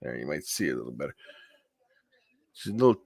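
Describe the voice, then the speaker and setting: A man's voice: a bass voice, big pitch swings, fast, no room sound, studio quality. A man hosting a casual live-stream chat, rambling and talking to his viewers. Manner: rambling, keeps clearing his throat. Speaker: host of a live hangout stream.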